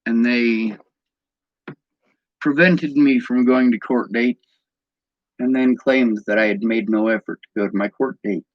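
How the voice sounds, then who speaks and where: A man's voice: mid-range voice, fairly even intonation, unhurried, pauses often, dry recording. Guy ranting bitterly into a lo-fi mic, dry dull sound, swears a lot. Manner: bitter, agitated, swears often. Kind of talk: angry personal vlog rant.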